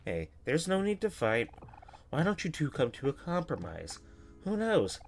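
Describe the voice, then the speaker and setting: A woman doing a gentle peacemaker mole. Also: low-pitched, huge pitch swings, normal speed, vocal fry, soft background music, heavily acted. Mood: soothing. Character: soft-spoken peacemaker mole.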